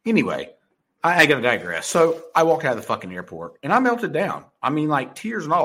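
A man's voice: on the high side, wildly swooping pitch, fairly quick, a bit bright, slightly rough. A man telling a rambling, profane story in a casual monologue, full of fillers and restarts.

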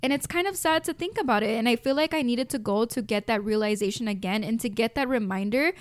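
A woman's voice: fairly high pitch, fast, no room sound, clean studio sound. Heartfelt young Mexican American woman host. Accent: Mexican American English with Spanish mixed in. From United States. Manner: heartfelt, talks straight to listeners as "you guys". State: choked up with emotion. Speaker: podcast host. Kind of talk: reflective casual monologue.

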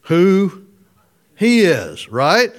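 A man with a somewhat high voice, preaching in a loose, conversational way. He chuckles often between points and keeps asking his listeners questions as he goes. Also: huge pitch swings, drawn-out words. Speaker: pastor. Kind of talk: casual conversational sermon.

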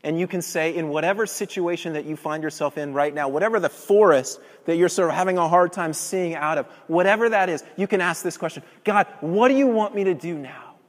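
A man preaching a sermon as pastor, swelling loud and emphatic, then dropping soft and low. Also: brisk, hardly any pauses. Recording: long reverb of a large hall.

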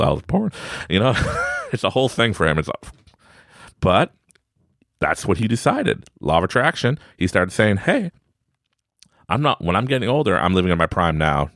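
A man's voice: low-pitched, gravelly, dry recording, clean studio sound. A man in his forties hosting a podcast, giving a rambling, upbeat motivational talk and laughing often. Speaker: podcast host.

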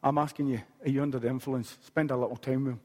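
A man's voice: mid-range voice, steady tone, quick pace, darkish tone. A man, preaching a sermon as a pastor and telling a story with humorous asides. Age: late 40s. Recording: long hall reverb.

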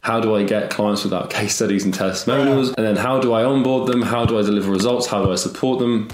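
A young man with a lowish voice giving casual business-coaching talk, stacking quick rhetorical questions and dropping the odd swear word. The room is echoey, with faint music playing underneath. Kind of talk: casual talking-head business advice.

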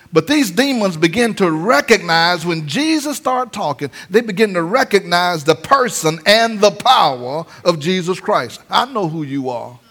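High-voiced preaching man, sing-song shouts. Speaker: pastor. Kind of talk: sermon.

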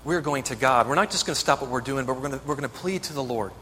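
A man's voice: medium pitch, fast, sharp tone, long reverb tail, a little hiss or hum. A man preaching a sermon as pastor, earnest and building to emphatic exhortation.

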